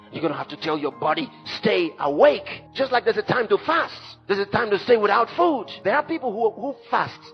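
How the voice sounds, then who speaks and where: Emphatic preacher, high lively voice. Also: male voice. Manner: emphatic preaching with sudden shouts and dramatic drops. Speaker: pastor. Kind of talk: sermon. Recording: dull lo-fi sermon recording with faint music.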